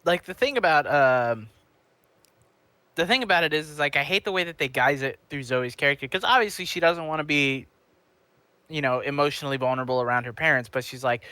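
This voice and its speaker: Male podcast co-host, bright, somewhat high voice, filler-heavy casual chat. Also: lively intonation, fairly quick, dry recording. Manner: chatty, filler-heavy with lots of likes and ums. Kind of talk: casual chat about a TV show.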